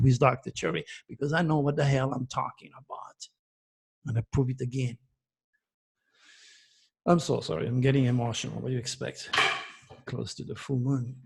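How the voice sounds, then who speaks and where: A man in his seventies with a French accent speaks straight to his viewers in an emphatic, self-praising monologue. His voice is gravelly and husky and sits a little high for a man. He preaches and boasts by turns. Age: 70s. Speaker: astrologer host.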